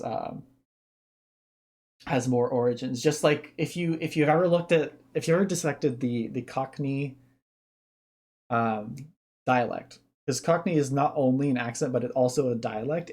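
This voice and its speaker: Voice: medium pitch, darkish tone. A streamer giving casual reaction commentary, thinking aloud and explaining ideas at length.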